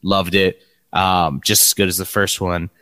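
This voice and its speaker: A man's voice: sits low, level tone, measured pace, sharp tone, no echo. A man co-hosting a podcast, chatting casually and rambling with many fillers. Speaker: podcast co-host. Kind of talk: casual chat.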